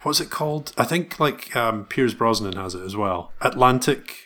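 A man's voice: medium pitch, animated, normal speed, sharp tone. A man co-hosting a podcast, chatting casually and playfully quizzing his co-host with frequent laughs. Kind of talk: casual chat.

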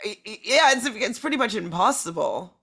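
Giggly woman guest, relaxed chat. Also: mid-range voice, moderate pace, slightly rough. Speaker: podcast guest. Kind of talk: casual chat.

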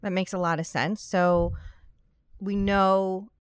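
A young woman hosts a podcast in a bright, upbeat way with flashes of dry sarcasm. Her voice is clear and smooth, recorded close with a dry sound. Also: medium pitch, little pitch movement, takes it slowly, dry recording. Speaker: podcast host. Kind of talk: scripted podcast conversation.

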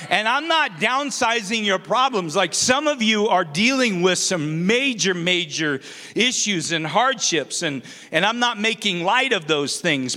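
A man's voice: high-pitched, bright, forceful tone. A man in his forties preaching a sermon, earnest and self-deprecating, with playful outbursts. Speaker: pastor. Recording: reverberant hall.

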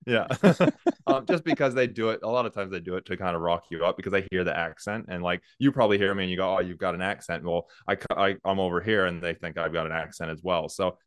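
Interview guest: very low-voiced man, ex-cop, smooth and dry, laughs easily. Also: fast talker, no echo. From United States. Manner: relaxed, laughs often, restarts sentences. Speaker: former police officer, guest. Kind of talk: casual interview conversation.

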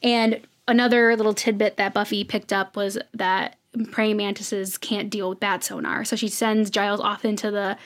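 On a podcast she co-hosts, a woman recaps episodes in a casual, chatty, storytelling way, performing the quotes as she goes. Her voice is medium-pitched with a flat delivery, and she keeps a moderate pace with few pauses.

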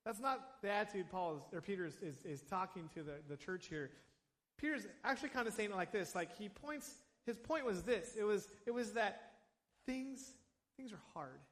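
A man pastor giving a sermon in a church, talking in an animated, conversational way with casual asides. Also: high-pitched, moderate pace. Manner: conversational, animated preaching with asides and acted quotes. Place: church sanctuary. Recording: long hall reverb.

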